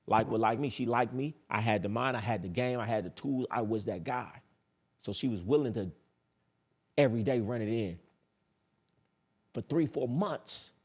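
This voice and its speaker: A man's voice: mid-range voice, normal speed, pauses often, a little mellow, husky. A man hosting a dating advice talk in a casual monologue, blunt, boastful and profane, who repeats his points for emphasis.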